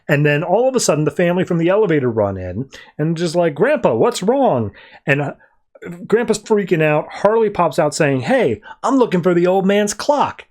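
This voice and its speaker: Male podcast host, slightly higher voice, rambling casual comic recap. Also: a little mellow. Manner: rambling, voices characters loosely in quotes.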